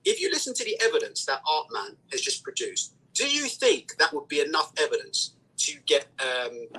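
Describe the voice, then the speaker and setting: A man's voice: a little high, sing-song, moderate pace, sharp tone, breathy edge, rough recording. A man from England, a guest on a video call, insistently pushing to make his point in a heated online debate.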